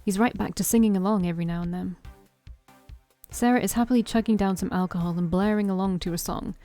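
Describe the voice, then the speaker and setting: A woman's voice: medium pitch, fairly even intonation, fast talker, mellow, faint music behind. Wry woman reading a story game aloud. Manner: wry, conversational asides. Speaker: visual novel player. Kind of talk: reading a visual novel aloud.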